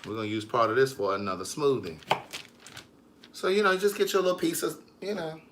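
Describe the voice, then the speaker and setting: Medium-pitched and a little fast, this man, a vlogger and writer, walks through a how-to in his home kitchen. He's casual, sassy and teasing, calling the viewer girl and niece, and there's background noise.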